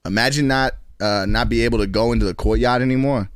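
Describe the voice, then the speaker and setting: Speaking quickly at a medium pitch, a New York-accented man in his twenties hangs out with his stream viewers, cursing casually and laughing often. The sound is clean studio audio without echo.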